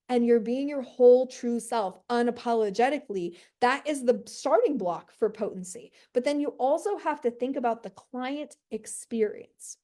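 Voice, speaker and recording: A woman business coach in a brash, profane, high-energy motivational monologue, full of "like" and "right?". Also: warm tone.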